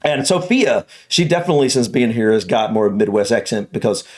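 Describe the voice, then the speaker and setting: A man's voice: mid-range voice, a little fast. A man from North Carolina with a mild Southern US accent, hosting a casual reaction chat in a hesitant, talkative way. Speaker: reaction channel host.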